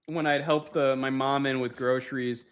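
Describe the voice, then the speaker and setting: A young man chatting casually as a guest, rambling and relaxed. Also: medium pitch, normal speed, clean tone. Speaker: podcast guest. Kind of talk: casual chat.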